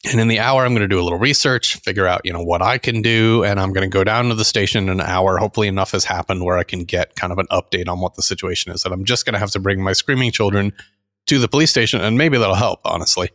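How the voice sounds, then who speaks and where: A man's voice: low voice, fast. A middle-aged man telling a long story in casual podcast chat, acting out the voices of the people in it. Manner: animated anecdote teller, acts out quotes. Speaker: podcast co-host.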